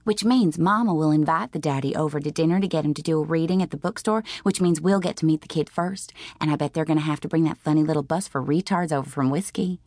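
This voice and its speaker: A woman voicing a bossy, gossiping young girl who talks in a taunting, rapid way. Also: fairly low pitch, creaky, husky, no echo. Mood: excited.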